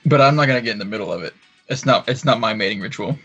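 A man with a husky, slightly breathy voice describes his character's moves in a laid-back, amused way. The recording sounds a little dull and lo-fi, with faint music behind. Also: fairly low pitch, lively intonation, rapid-fire, a bit bright. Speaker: player. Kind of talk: casual tabletop play.

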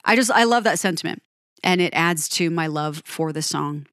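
A woman hosting a music commentary, gushing about a song, animated and quick to correct herself. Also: sits low, dry recording, studio quality. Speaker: music podcast host. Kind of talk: enthusiastic song breakdown.

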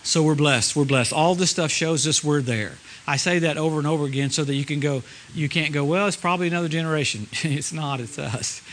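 Middle-aged man, guest preacher, high voice, sharp bright tone, faint hiss, animated delivery. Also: normal speed, hardly any pauses. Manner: animated, swings from shouting to low murmurs. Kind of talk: sermon. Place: church service.

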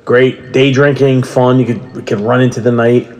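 A man's voice: mid-range voice, moderate pace, soft background music. A man in his thirties co-hosting a casual podcast chat, telling stories and acting out quotes with rising energy. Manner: animated storyteller, acts out quotes loudly. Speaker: podcast co-host.

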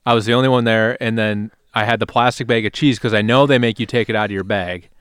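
Smooth-voiced man, casual podcast chat. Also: lowish voice, steady tone, fast talker, a bit bright, no echo, clean studio sound. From Wisconsin. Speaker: podcast co-host.

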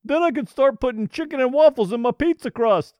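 A man's voice: very high-pitched, animated, a little fast, dark tone, clear, resonant tone, no room sound, voice pushed up. A man voicing a silly, exaggerated inner voice that nags about food.

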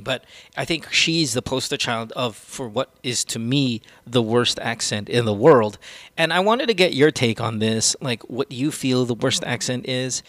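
Man, podcast host, casual rant, crisp bright tone, dry close sound. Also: medium pitch, no echo. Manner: opinionated, swears freely.

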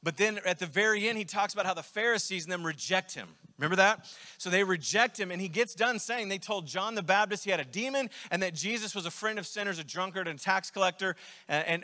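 A man's voice: high-pitched, bright, forceful tone. A young man, preaching a sermon in a conversational, self-deprecating way with rambling asides. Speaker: pastor. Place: church sanctuary. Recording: long reverb of a church hall.

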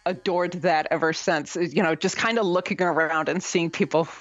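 A woman's voice: moderate pace, no room sound, dull audio. A woman with a Midwestern American accent, telling stories as an interview guest and acting out the voices of the people in them. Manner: animated, acts out quoted voices with big pitch jumps. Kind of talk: storytelling interview.

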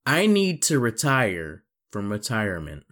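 A man's voice: fairly low pitch, huge pitch swings, unhurried, a bit bright. Teasing man hosting a quote quiz. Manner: joking, teasing. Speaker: podcast host running a quote quiz. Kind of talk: casual podcast chat.

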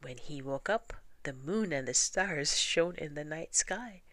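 A woman reading children's stories aloud in a soft-spoken ASMR style. She is gentle and often half-whispers. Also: deep voice, expressive, unhurried, no room sound. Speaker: storyteller.

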